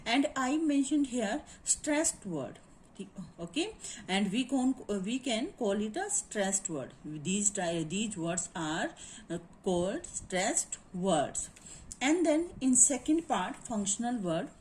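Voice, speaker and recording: A woman teacher giving a lecture on grammar, halting often, repeating points and slipping in Hindi phrases. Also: medium pitch, lively intonation, darkish tone, slight background noise. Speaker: English teacher. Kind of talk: classroom lecture.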